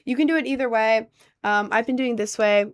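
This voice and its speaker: A woman's voice: fairly high pitch, fairly quick. Chatty young woman rambling to her viewers. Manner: rambling, heavy use of "like" and "um". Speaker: streamer. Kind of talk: casual chat, answering viewer questions.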